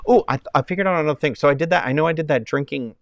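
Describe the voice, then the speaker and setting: A man's voice: on the high side, rapid-fire, creaky, no echo. Rambling, heartfelt male live streamer. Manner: rambling and heartfelt, many fillers and restarts. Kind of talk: casual live-stream chat with viewers.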